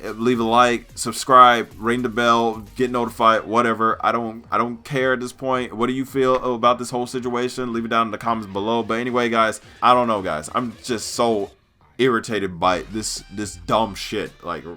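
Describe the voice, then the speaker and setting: A man's voice: mid-range voice, fairly even intonation, normal speed, pushed and bright, soft background music. A man ranting angrily in a gaming vlog, swearing and hammering his points with repetition. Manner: heated, swearing, emphatic repetition. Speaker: gaming YouTuber.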